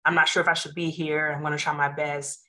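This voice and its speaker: A woman in her thirties with a lowish voice tells stories in a relaxed podcast chat. She acts out the people she quotes and keeps the talk animated. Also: fast talker. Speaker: physician guest. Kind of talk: casual podcast conversation.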